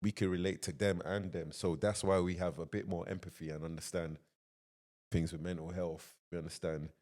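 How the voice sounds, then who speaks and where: A man's voice: low-pitched, fairly even intonation, fairly quick, darkish tone. A man in his thirties, a podcast guest, chatting casually and telling rambling stories. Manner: rambling, storytelling, many "like" fillers. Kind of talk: casual chat.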